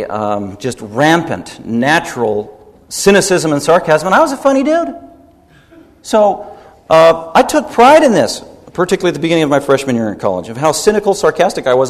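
A middle-aged man preaching a sermon as pastor, animated and rising into emphatic peaks. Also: fairly high pitch. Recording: long hall reverb.

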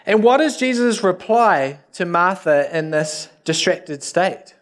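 A man's voice: high-pitched, expressive, slow pace. A man, a youth pastor, preaching a sermon in a casual, joking way with self-deprecating asides.

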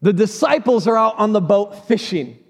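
A man's voice: high voice, lively intonation, normal speed, creaky. A man preaching a sermon in church, telling a story dramatically and acting out the voices in it. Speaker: pastor. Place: church sanctuary. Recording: large hall reverb.

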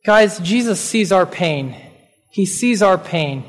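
A man preaching a sermon as pastor, reading scripture aloud and slowing down on the key verses in an earnest way. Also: high-pitched, animated, long reverb tail, faint music behind.

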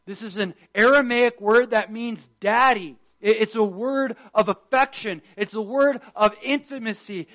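High-voiced man preaching with fervor. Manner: passionate preaching that swings between loud emphasis and hushed tones; quotes scripture and acts out prayers. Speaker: pastor. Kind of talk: sermon.

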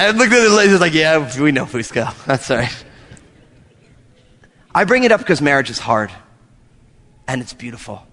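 A male pastor preaching a sermon in a church, an animated storyteller who jokes with his congregation. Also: medium pitch, in a large hall. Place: church hall.

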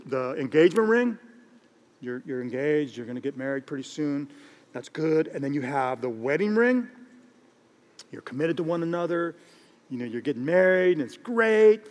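A middle-aged man, a pastor, preaching a sermon in an animated, joking way and repeating phrases for emphasis. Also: fairly high pitch, normal speed, pauses often. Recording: long reverb of a large hall.

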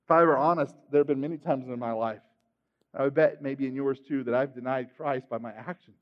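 A man preaching a sermon, telling the story with animated swings between loud and hushed delivery. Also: mid-range voice, fairly quick. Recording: dull sound with long hall reverb.

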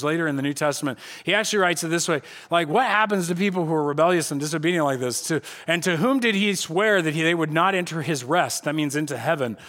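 A male pastor preaching an animated, joking sermon and acting out voices. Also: on the high side.

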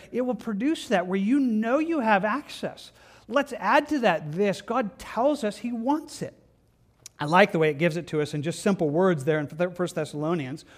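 Pastor, male, high register, conversational sermon delivery that mimics hurried, apologetic prayers. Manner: conversational preaching, acts out prayers with quick repeated phrases.

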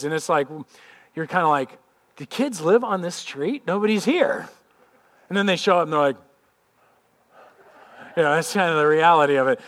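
A middle-aged pastor delivers a sermon in a fairly high voice. He talks to the congregation in an easy, conversational way and leans on rhetorical questions.

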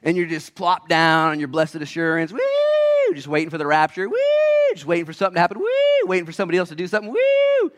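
A man preaching a sermon as a pastor, acting out little voices, swinging between loud shouts and quiet asides. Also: a little high, fairly even intonation, very fast, hardly any pauses.

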